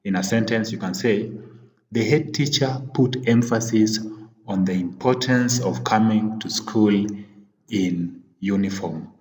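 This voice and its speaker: A male teacher giving a vocabulary lesson, defining words slowly and repeating them. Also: lowish voice, darkish tone, big-room sound, low-quality recording.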